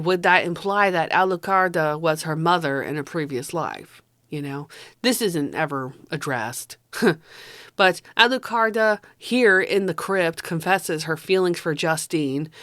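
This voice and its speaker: A woman's voice: fairly low pitch, fairly bright tone, dry recording, clean studio sound. A woman giving a casual spoken movie review, chatty and profane, often tossing in "you know".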